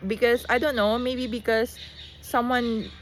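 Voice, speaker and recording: A woman's voice: a little high, level tone, a little slow, slight background noise. A woman with a Filipino accent, just woken up, talking in a casual rambling monologue full of restarts, fillers and switches into Tagalog phrases. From Philippines.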